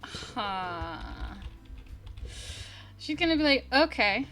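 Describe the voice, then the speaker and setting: A woman playing in a tabletop game, reacting with laughter and animated remarks. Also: fairly high pitch, a little slow, soft background music. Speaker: player. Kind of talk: casual tabletop play.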